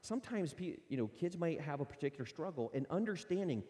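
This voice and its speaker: Earnest man teaching parents, lively pitch. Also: fast. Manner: earnest, conversational, acts out parent and child quotes. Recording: long reverb.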